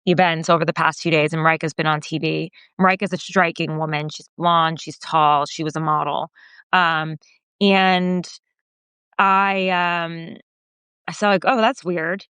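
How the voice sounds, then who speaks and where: A woman podcast host and journalist recounting a story in casual conversation, animated and full of fillers, raising her voice when quoting others. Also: measured pace, smooth, dry recording. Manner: animated retelling, voicing quoted remarks higher, frequent fillers.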